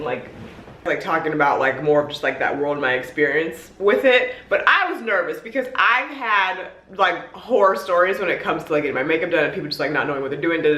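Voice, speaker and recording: A young woman vlogger telling an excited story in casual chat, peppering her talk with "like". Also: low voice, echoey room. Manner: gushing, excitable, heavy on "like". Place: hotel room.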